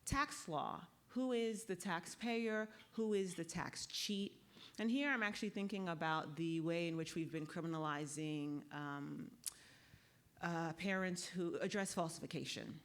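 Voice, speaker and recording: A woman with a low-pitched voice gives a conference panel talk as a law professor. She lectures in an easy, conversational way and keeps checking in with the audience through quick tag questions. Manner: walks the audience through a guided exercise.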